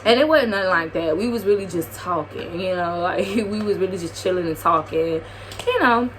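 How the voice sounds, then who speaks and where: A young woman vlogger telling a casual storytime tale, lively and slangy, acting out the quotes. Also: fairly low pitch, normal speed.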